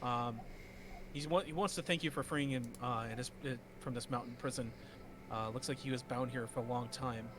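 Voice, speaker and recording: A man's voice: mid-range voice, fairly even intonation, brisk. Male game master, casual filler-heavy narration, noisy background hiss. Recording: noisy home mic.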